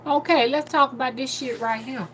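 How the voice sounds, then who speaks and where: A woman's voice: sits high, steady tone, fairly quick, fairly bright tone, slight background noise. A woman hosting a casual livestream, reading viewer comments aloud in a loose, talkative manner. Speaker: livestream host.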